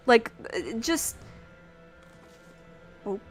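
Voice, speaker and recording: A woman streaming a video game, chatting in a rambling, animated way and swearing freely. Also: medium pitch, a little slow, long pauses, faint music behind. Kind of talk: casual gameplay chat.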